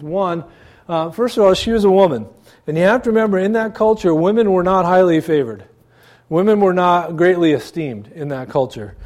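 Man, pastor, sermon, slightly high voice, conversational, rhetorical questions, church. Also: a little mellow.

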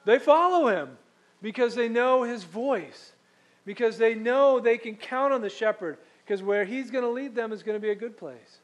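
A man's voice: extremely high pitch, normal speed, low-quality recording. A man preaching a sermon as pastor, telling stories in a conversational way and reading scripture aloud.

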